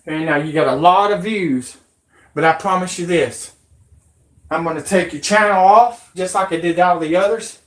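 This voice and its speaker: A woman's voice: fairly low pitch, moderate pace. A woman hosting her own channel, delivering an aggressive, profane, threatening rant. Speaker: channel host. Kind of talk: angry rant. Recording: roomy echo.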